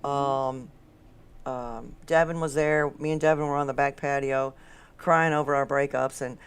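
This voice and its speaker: A woman hosting a casual talk show, telling stories with lots of laughter in a worn, raspy voice. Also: very deep voice, unhurried. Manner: animated storyteller, laughs often. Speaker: podcast host. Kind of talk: casual chat.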